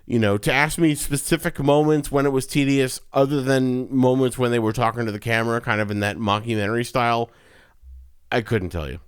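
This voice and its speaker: A man gives his movie opinions in loose, chatty podcast talk, often repeating words while he finds his point. His voice is clear and smooth, at a middle pitch. The recording is dry and close. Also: steady tone, brisk, no room sound. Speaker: podcast co-host. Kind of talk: casual movie chat.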